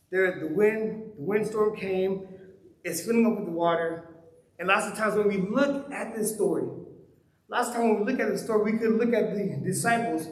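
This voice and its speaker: A man's voice: sits high, roomy sound, poor audio. A man preaching a sermon in a conversational way, asking his listeners question after question. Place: church hall.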